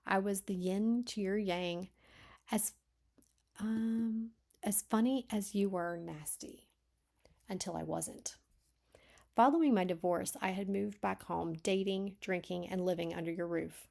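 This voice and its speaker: A woman reading a manuscript aloud and critiquing it, thinking aloud with frequent self-corrections and sometimes dropping to a soft whisper. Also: medium pitch, unhurried, creaky. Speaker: beta reader.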